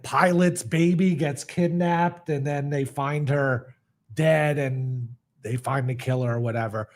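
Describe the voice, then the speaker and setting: A man's voice: on the high side, darkish tone. A man co-hosting a casual podcast, rambling through a story with lots of "like" and fillers. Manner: rambling recap with many likes and fillers. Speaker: podcast co-host. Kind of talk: casual chat.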